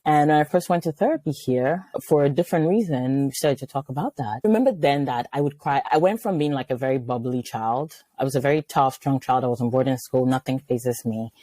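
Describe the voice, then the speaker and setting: A middle-aged woman from Nigeria, a psychiatrist speaking as a guest in an interview, telling personal stories in a lively way and acting out the voices she quotes. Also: extremely low pitch, brisk, hardly any pauses, no echo. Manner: animated, storytelling, acts out quoted voices. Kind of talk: conversational interview.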